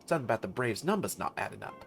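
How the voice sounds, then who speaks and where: A man voicing a gruff veteran male mercenary officer, talking bluntly with rough slang. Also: on the low side, sing-song, rapid-fire, faint music behind.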